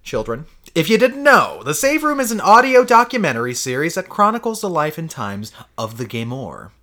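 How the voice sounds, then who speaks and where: Animated joking podcast host, a man. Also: on the high side, moderate pace. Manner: animated, joking storyteller who swears a lot. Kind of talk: casual podcast chat.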